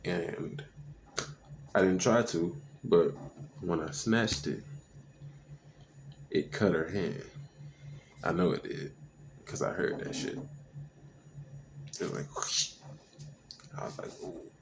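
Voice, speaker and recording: A man's voice: low-pitched, takes it slowly, vocal fry, long pauses, background noise. A man telling a personal story in casual, slangy talk that halts on fillers and restarts.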